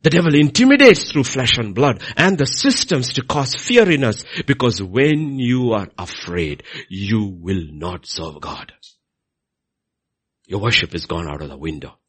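Middle-aged man, husky, lively pulpit preacher with big swings in delivery. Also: mid-range voice, measured pace. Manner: animated, swings between loud emphasis and quiet asides. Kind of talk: sermon.

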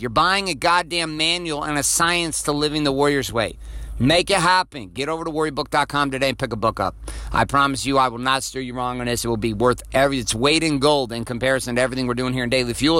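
Blunt, forceful man preaching hard. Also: mid-range voice, fast, no room sound. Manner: blunt and profane, hammering home points with rhetorical questions; repeats phrases for emphasis. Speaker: podcast host. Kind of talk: motivational podcast monologue.

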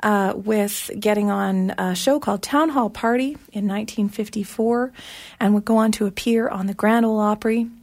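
A woman radio host chatting casually between songs, rambling with plenty of fillers, her voice a little hoarse. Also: mid-range voice, fairly even intonation, moderate pace, a little mellow. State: slightly hoarse, losing her voice.

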